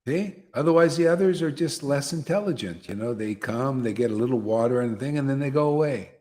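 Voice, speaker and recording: Man, devotional teacher, emphatic, repetitive, mid pitch. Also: expressive, fairly quick, a little mellow. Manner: repetitive, emphatic, asks listeners "see?". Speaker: spiritual teacher leading satsang.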